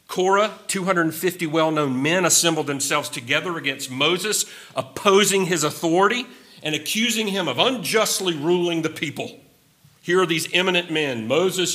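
A man's voice: a little high, pushed and bright. A man preaching a sermon with emphasis, repeating key phrases and sometimes wandering off his notes. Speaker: pastor.

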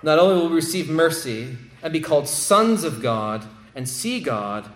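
A man's voice: on the high side, sing-song, unhurried, reverberant, a little hiss or hum. A male pastor delivering a sermon, emphatic and prone to repeating words as he builds a point.

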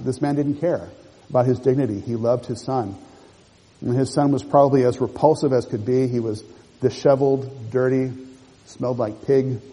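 A man gives an earnest sermon, speaking in short phrases and reading scripture between his comments. His voice is mellow and a little husky. A long reverb trails behind him. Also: medium pitch. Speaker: preacher.

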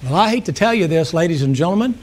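A man's voice: on the high side, lively intonation, quick pace. A man from the Southern United States with a Southern American accent, preaching a sermon in a blunt, folksy, fervent way and peppering it with rhetorical questions.

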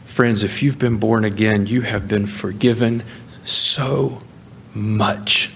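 A man preaching a sermon, animated, with emphatic rising peaks. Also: fairly low pitch, slow pace, gravelly, slight background noise. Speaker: pastor.

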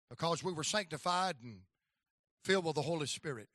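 A man preaching a folksy storytelling sermon with a North Carolina accent, rising now and then to shouts of praise. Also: fairly high pitch, expressive, brisk, dry recording, studio quality.

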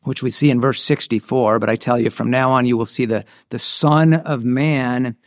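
A man's voice: medium pitch, fairly even intonation, normal speed, no echo, clean studio sound. A man preaching a sermon in an earnest way, often restarting his phrases. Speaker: pastor.

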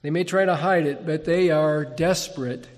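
A man preaching an evening sermon in a church, earnest and reflective, sometimes halting as he gathers his thoughts. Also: on the high side. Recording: long hall reverb.

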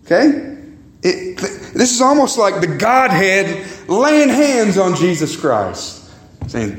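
Taking it slowly, a male pastor preaches with big pitch swings in an echoey church sanctuary, with a little hiss or hum in the audio. He repeats words emphatically and calls the congregation "guys" and "beloved".

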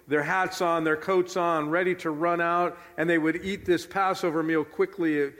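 A man's voice: a little high, fairly even intonation, moderate pace, fairly bright tone. Earnest male preacher in a reverberant hall. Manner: earnest preaching with emphatic repetition. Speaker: pastor. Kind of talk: sermon.

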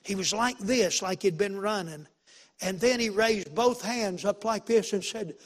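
A pastor telling a story in a sermon, folksy and emphatic, repeating phrases and swinging from loud to hushed. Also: male voice, high-pitched, measured pace, big-room sound.

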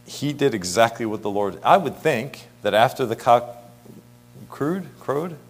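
A man's voice: mid-range voice, lively intonation, unhurried, slightly rough. Earnest man preaching a Bible sermon. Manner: earnest, rhetorical questions, reads scripture aloud.

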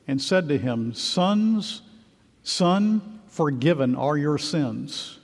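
Male preacher, earnest sermon delivery, gravelly, long reverb. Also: fairly high pitch, darkish tone. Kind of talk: sermon with story narration.

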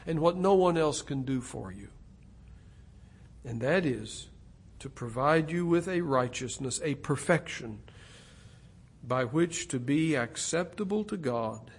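A middle-aged man preaching an expository sermon, slow and deliberate, rising to loud emphatic stresses. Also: on the high side, expressive, slightly rough.

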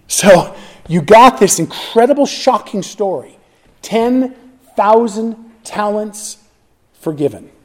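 A pastor delivering an expository sermon, emphatic and animated, often restarting his phrases as he works through the text. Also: high-pitched.

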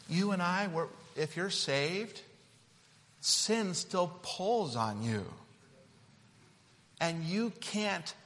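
A male preacher with a slightly higher voice than most men, delivering a sermon in a casual, playful way as he demonstrates props. His voice rings out with a long reverb, as if he were recorded in a large church hall. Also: fairly bright tone. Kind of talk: sermon with object lesson.

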